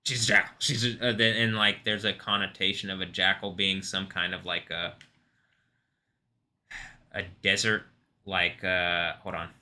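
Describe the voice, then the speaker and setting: A man hosts a live stream in loose, rambling commentary, laughing often and swearing freely. His voice sits a little low, yet its tone is strikingly bright and sharp. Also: flat delivery, normal speed, pauses often. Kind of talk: casual reaction stream commentary.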